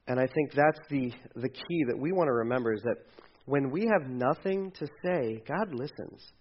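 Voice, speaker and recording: A man preaching a conversational sermon, swinging from loud emphasis to hushed, quiet passages. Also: medium pitch, expressive, normal speed, slightly rough, muffled recording. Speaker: pastor.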